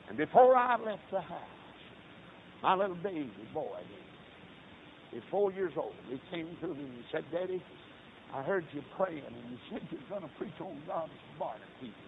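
Male preacher, folksy storyteller with impassioned outbursts, thin phone-like sound, slightly raised pitch. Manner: folksy storytelling, rising to impassioned cries when quoting. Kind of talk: sermon illustration storytelling. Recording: tinny lo-fi line with faint hiss.

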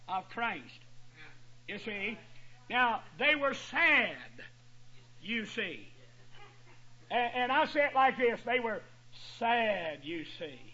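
A man's voice: extremely high pitch, bright, forceful tone, muffled recording. A man preaching a fiery Bible-teaching sermon, folksy and emphatic, stretching out key words.

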